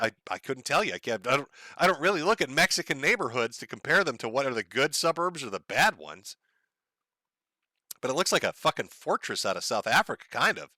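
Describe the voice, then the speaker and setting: Guy ranting on his stream, swears a lot, lively up and down pitch, bright sharp tone. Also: dry recording. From United States. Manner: profane, sardonic, chuckling often. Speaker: livestream host. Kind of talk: casual livestream rant.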